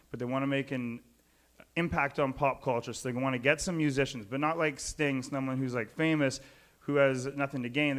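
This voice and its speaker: A man's voice: medium pitch, a bit bright. A man doing stand-up on a live stage, chatting loosely with the crowd and laughing at his own jokes. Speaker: stand-up comedian.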